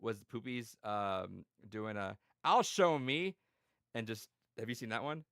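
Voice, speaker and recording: A man's voice: lowish voice, fairly even intonation, normal speed, vocal fry, fairly bright tone, clean tone, no echo, clean studio sound. A man hosting a casual podcast chat, rambling and swearing with lots of restarts.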